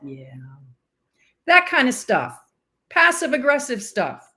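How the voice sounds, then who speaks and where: Her voice high and her pace slow, an older woman who was a sportscaster and umpire tells stories during a relaxed interview. She acts out the quoted exchanges with animation.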